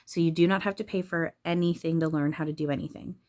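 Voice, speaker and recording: Woman, low voice, spiritual channeler, casual monologue, candid and swearing. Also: fairly even intonation, fast talker, a little mellow. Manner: candid, swears freely, laughs often.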